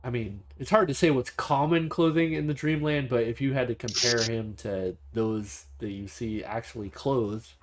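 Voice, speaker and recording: A man running a tabletop game as game master, describing scenes casually with many pauses. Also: mid-range voice, background noise.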